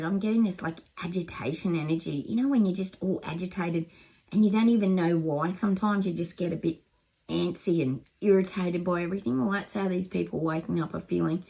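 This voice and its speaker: A woman's voice: fairly low pitch, vocal fry, warm tone, slightly rough. A woman giving a rambling psychic reading to camera, with lots of ums and restarts.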